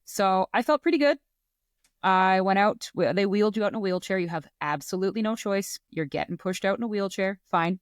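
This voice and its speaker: A woman's voice: medium pitch, brisk, no echo, clean studio sound. A woman co-hosting a podcast, telling a story in casual chat and acting out the quotes with self-mocking humor. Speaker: podcast co-host.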